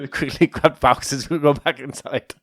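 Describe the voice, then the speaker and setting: A man's voice: a little high, steady tone, unhurried, fairly bright tone. A young Irish man with a Kildare accent, a podcast co-host telling stories in casual chat, rambling, swearing and laughing often.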